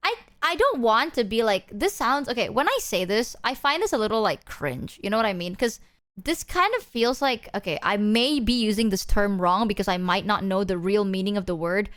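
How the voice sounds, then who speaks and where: A woman's voice: medium pitch, animated, brisk, a bit bright. A young woman streamer chatting casually with her viewers, rambling and self-deprecating, swearing freely and acting out people she quotes. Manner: quotes people in exaggerated put-on voices.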